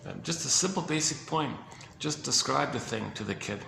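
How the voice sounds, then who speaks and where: Gravelly man explaining in an echoey room. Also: mid-range voice, animated, noisy background. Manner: halting, searching for words, repeats himself. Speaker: speaker on psychology. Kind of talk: casual explanatory monologue. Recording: echoey room with faint ambience.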